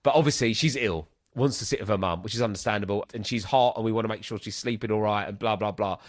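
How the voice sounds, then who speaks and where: A man's voice: lowish voice, quick pace. A man, a comedian and podcast host, telling a story in a casual chat and acting out the voices. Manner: animated, acts out voices.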